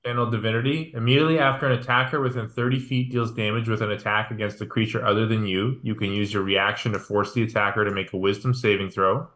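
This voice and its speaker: Low, bright-voiced man in an echoey room. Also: steady tone, fast, few pauses. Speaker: player. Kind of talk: casual tabletop play.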